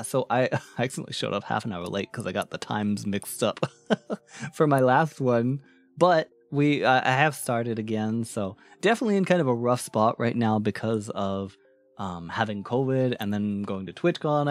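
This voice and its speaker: A man streaming in a casual chat, thanking followers, rambling through fillers and restarts, and laughing often. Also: mid-range voice. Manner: rambling, with frequent fillers and self-restarts, giggly.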